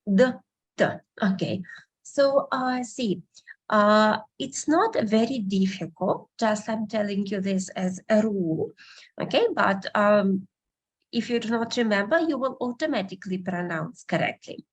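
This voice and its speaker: Slow, breathy woman teacher. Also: mid-range voice. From Russia. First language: Russian. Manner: patient, repeats words slowly for students. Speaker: language teacher. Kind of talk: online beginner language lesson.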